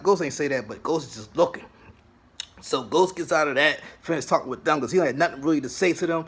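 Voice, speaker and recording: A man's voice: a little high, quick pace, a bit bright, husky. A man hosting a casual TV recap, retelling scenes dramatically and acting out the quotes. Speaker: host of a TV recap channel.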